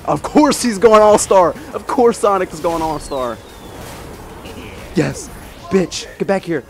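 Gaming commentator, male, slightly high voice, animated delivery, profane and exasperated, game music underneath. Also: measured pace. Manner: profane, exasperated trash-talk at rivals. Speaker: gameplay commentator. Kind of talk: let's-play commentary.

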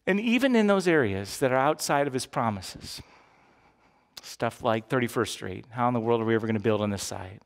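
A man in his fifties preaching a sermon as pastor, earnest and swinging from emphatic peaks down to quiet, low moments. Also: animated, a little fast, gravelly. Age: 50s.

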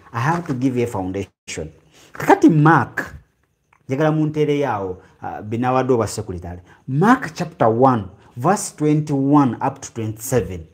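A man with a Ugandan accent preaching a teaching sermon, drawing out key phrases slowly and then rushing ahead. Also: mid-range voice, darkish tone.

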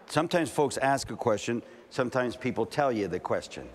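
A man's voice: medium pitch, fairly quick, hardly any pauses. Man preaching in a reverberant hall. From California. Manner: animated storytelling, acting out dialogue. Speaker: pastor. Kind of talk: sermon. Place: large camp meeting hall. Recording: long hall reverb, faint ambient noise.

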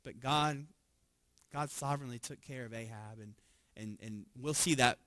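A man preaching a sermon as a pastor, conversational and animated, often chuckling and checking in with his listeners. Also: mid-range voice, normal speed, dry recording. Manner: conversational, tags lines with "right?" and chuckles often; animated storytelling with frequent restarts.

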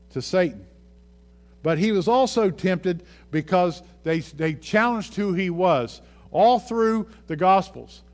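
A male pastor preaching a sermon, reading scripture aloud and repeating key phrases for emphasis. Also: high-pitched.

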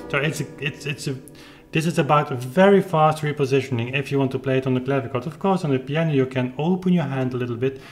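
A man who plays the clavichord, thoughtfully explaining his interpretation and searching for the right words as he goes. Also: medium pitch. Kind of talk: reflective spoken commentary with demonstrations. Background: faint clavichord playing between remarks.

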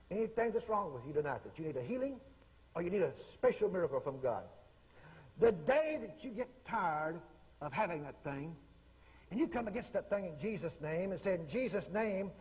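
Guy preaching hard, high lively voice, big echoey church hall. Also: a little fast. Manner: bold, emphatic, repeating phrases. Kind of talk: revival sermon. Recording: echoey hall with long reverb.

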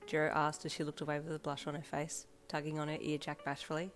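A woman reading a fanfiction story aloud in the second person, calm and even, as a storyteller. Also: deep voice, fast, few pauses. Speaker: fanfiction reader. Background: soft backing music.

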